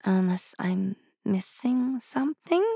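A woman reading the part of a naive young princess who is new to human society, speaking softly and earnestly. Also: medium pitch, lively intonation, slow pace, creaky, husky, no echo, studio quality, full character voice. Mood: curious.

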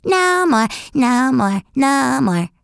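A woman's voice: sits high, sing-song, slow pace, vocal fry, no room sound, clean studio sound, pitched above the performer's own voice, full character voice. A woman voicing a mischievous toddler boy who speaks in short, repeated baby-talk words. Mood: playful.

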